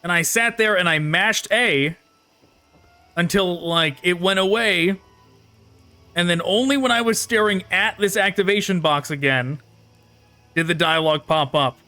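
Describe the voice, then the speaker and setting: A man's voice: high voice, measured pace, pauses often, bright, forceful tone, no room sound, soft background music. A man hosting a gaming channel, chatting casually and laughing as he critiques a game while playing it. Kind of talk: casual gameplay commentary.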